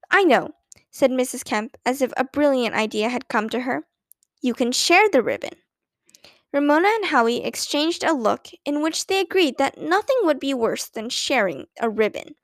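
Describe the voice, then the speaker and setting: A woman reading a children's story aloud with clear, expressive narration. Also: high voice, moderate pace, hardly any pauses, no room sound. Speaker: audiobook narrator.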